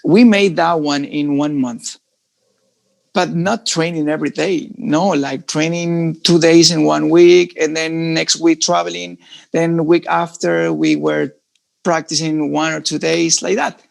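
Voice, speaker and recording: Mexican-accented man with a high, gravelly voice. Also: level tone, unhurried. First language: Spanish. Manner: laughs often, says "bro" a lot. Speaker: guest salsa dancer. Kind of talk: casual interview chat.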